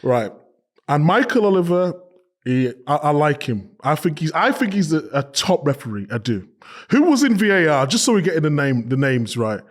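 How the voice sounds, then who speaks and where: A man talking football on a podcast as a pundit, animated and emphatic, exclaiming in disbelief. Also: fairly high pitch, moderate pace. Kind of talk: casual football chat.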